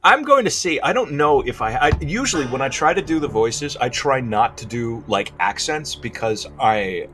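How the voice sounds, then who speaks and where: A man's voice: medium pitch, animated, normal speed, few pauses. A man giving casual, rambling gameplay commentary, self-deprecating and restarting his sentences often.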